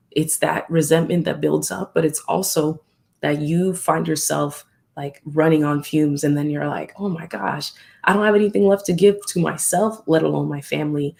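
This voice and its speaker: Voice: medium pitch, creaky, a little mellow. A host talking candidly and reflectively in a casual live stream, often acting out remembered exchanges.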